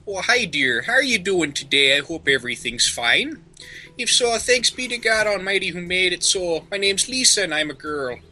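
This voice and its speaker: A man's voice: high voice, very animated, normal speed, pushed and bright, slight background noise, voice pushed up, exaggerated voice, rough recording. A man reading as a sugary, overly polite woman letter writer. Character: friendly female spam-email writer, overly polite. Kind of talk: comic reading of an email.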